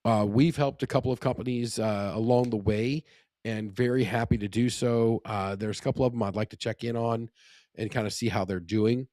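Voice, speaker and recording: A middle-aged man co-hosts a podcast in loose conversation. He rambles and keeps restarting his sentences around plenty of fillers. His voice sits at an ordinary male pitch, recorded close and dry, with no room echo. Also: fairly even intonation, normal speed, warm tone. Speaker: podcast co-host. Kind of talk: casual podcast chat.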